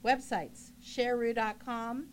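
A woman guest in a casual interview, briskly reading her contact links off a list. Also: fairly high pitch, steady tone, a little hiss or hum. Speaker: guest, pageant director.

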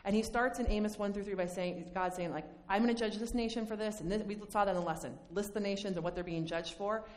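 A woman teaching a Bible study lesson in a conversational, animated way, acting out the lines she quotes. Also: mid-range voice, fast talker. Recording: long hall reverb.

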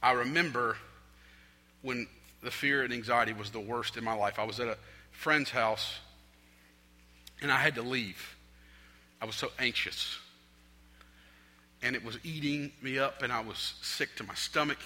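A man's voice: medium pitch, measured pace, pauses often. Impassioned preacher man in a big hall. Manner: impassioned preaching, swinging from shouts to hushed prayer. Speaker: pastor. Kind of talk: sermon. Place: stage in a large hall. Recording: long hall reverb.

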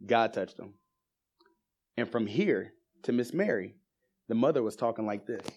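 A man preaching in church, telling testimonies in a storytelling way that builds into excited emphasis. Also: medium pitch, measured pace, muffled recording. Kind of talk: sermon testimony.

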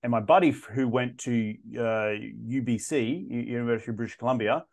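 An Australian man, a podcast guest, tells his story in casual interview fashion at an ordinary middle pitch. He's animated and fairly quick, with a darkish tone, often breaking off and repeating words before pushing on.

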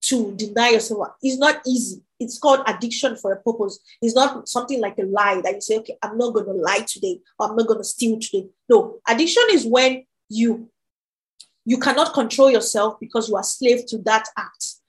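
A woman's voice: on the high side, brisk, poor audio. Earnest young woman giving a testimony. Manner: earnest, emphatic, with repeated phrases. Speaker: preacher. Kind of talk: testimony sermon.

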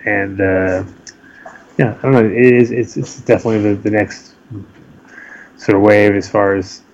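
A man's voice: on the low side, steady tone, moderate pace, vocal fry, highs cut off. A man hosting a casual live studio podcast, rambling with frequent restarts and laughs. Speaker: podcast host.

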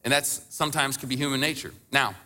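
A man's voice: mid-range voice, fairly even intonation, quick pace, pushed and bright. A man preaching a sermon in a conversational way, who acts out scripture quotes and rises to impassioned emphasis. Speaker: pastor.

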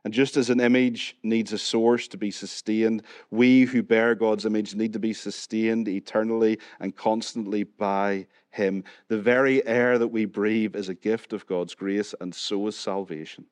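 Northern Irish preacher, dry close sound. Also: male voice, on the low side, fairly even intonation, measured pace, hardly any pauses, a little mellow, no echo. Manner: conversational, asks the congregation questions, jokes and laughs now and then. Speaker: pastor. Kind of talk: sermon. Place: church hall.

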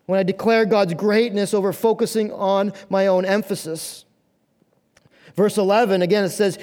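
A man's voice: high voice, fairly even intonation, moderate pace, a little mellow. A male pastor preaching a sermon in an earnest, conversational way, asking the congregation questions.

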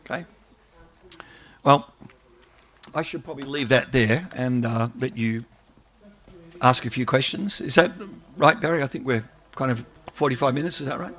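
A man, an academic, giving a lively lecture and taking questions from the audience. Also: medium pitch, normal speed, long pauses. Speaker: academic speaker.

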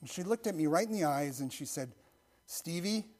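Soft-spoken middle-aged man preaching. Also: fairly high pitch, lively intonation. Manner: soft-spoken, intimate storytelling that drops to near-whispers; slow, earnest prayer cadence. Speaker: pastor. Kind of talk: sermon with personal story and prayer.

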